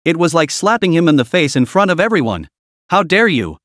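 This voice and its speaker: Male recap narrator, lively, slightly high voice, dry close read. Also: fast, no echo. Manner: dramatic, steady storytelling. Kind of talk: scripted story narration.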